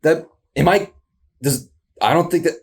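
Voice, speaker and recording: A man hosts a reaction video, talking casually and animatedly in rambling bursts, laughing often and exclaiming in confusion. His voice is on the high side with vocal fry, slightly rough, at a measured pace.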